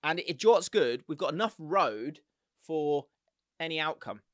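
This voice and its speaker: Lively man on a dry mic. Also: on the high side, dry recording. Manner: animated, jokey, mimics others in quick bursts. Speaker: podcast co-host. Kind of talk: casual football chat.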